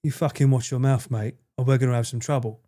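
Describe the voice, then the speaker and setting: A man doing a rough Essex hard man, low gravelly threats, swearing, clipped, menacing tone. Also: steady tone, fast, mellow, close to an everyday voice.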